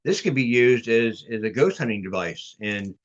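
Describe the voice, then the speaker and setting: A man's voice: mid-range voice, animated, moderate pace, lo-fi sound. A man guest on a podcast, casually telling a long story over a video call, restarting and repeating words as he goes.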